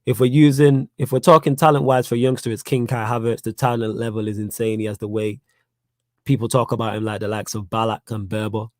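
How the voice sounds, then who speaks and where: A man's voice: fairly low pitch, little pitch movement, a little fast, dry recording. A young man with a Manchester accent hosting a live fan Q&A stream, blunt and repetitive, getting heated as he argues his points. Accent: Manchester English. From Manchester, England. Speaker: fan channel host.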